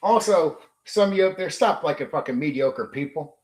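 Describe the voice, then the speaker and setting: A man's voice: on the high side, lively intonation, normal speed, a little mellow, echoey room. Blunt, profane man ranting on a livestream. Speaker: streamer hosting a tabletop RPG channel. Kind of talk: livestream rant.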